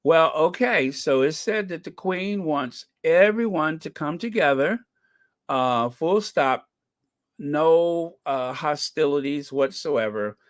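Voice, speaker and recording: Hosting a podcast, a man chats casually and reads out viewer comments, often saying um and uh and repeating phrases for emphasis. His fairly high, expressive voice moves slowly, recorded cleanly in a studio with no room sound.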